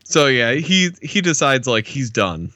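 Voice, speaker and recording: A man's voice: mid-range voice, big pitch swings, a little slow, pushed and bright, no room sound. A man co-hosting a podcast, casually talking through a TV episode, with frequent restarts and laughter. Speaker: podcast co-host.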